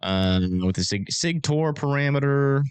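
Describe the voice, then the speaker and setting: A man hosting a casual storm-forecast livestream. He talks in a rambling, filler-heavy way, and his pitch moves a lot. The sound is close and dry, with no room echo. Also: expressive, unhurried, smooth.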